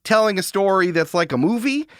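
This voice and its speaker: A man's voice: high voice, animated, no echo. A man hosting a tabletop game podcast in loose, joking casual chat. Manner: loose, joking, quick asides. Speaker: podcast host and game master.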